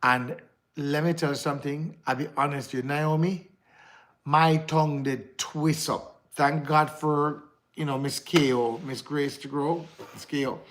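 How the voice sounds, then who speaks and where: A man's voice: fairly high pitch, steady tone, a little slow, fairly bright tone. Rambling Jamaican man on a livestream. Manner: rambling, slipping into patois, addressing viewers by name. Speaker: livestream host. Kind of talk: casual live chat to viewers.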